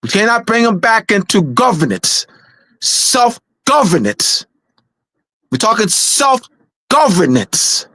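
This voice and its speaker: The presenter of a weekly talk show, a man with a high, sing-song, bright voice, speaks slowly and forcefully in a dry recording. His lecture-style talk is emphatic and insistent, hammering key points with repetition and frequent restarts.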